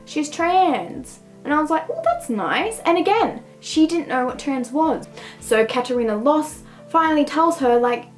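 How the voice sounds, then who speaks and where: A young woman talks a little slowly in a somewhat high voice, rambling casually about a book and saying "like" again and again. Quiet music plays under her in this low-quality recording.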